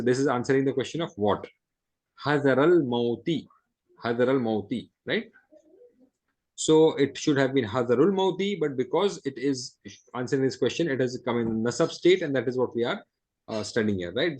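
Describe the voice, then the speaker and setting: A man teaches Arabic grammar in class, breaking it down one step at a time and checking in with "right?" Quick recitations of Arabic phrases alternate with slower English, in a medium-pitched, slightly mellow voice.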